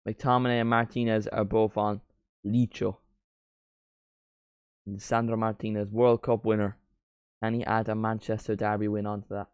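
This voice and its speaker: A man's voice: lowish voice, level tone, a little mellow, smooth, dry recording, studio quality. Chatty man calling football live. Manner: chatty, rambling, with quick play-by-play calls. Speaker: watchalong streamer. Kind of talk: live football watchalong commentary.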